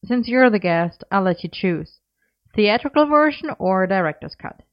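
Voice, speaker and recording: A woman's voice: medium pitch, expressive, moderate pace, natural voice. Storybook: a cheeky young male wizard, read by a woman, pushy and playful, on a muffled recording. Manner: bright, insistent, playfully bossy. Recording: dull lo-fi recording.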